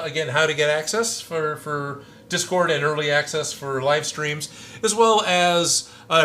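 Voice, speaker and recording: A man's voice: mid-range voice, sharp tone, a little hiss or hum. A man hosting a casual maker livestream from his workshop, chatting and reading out viewer comments.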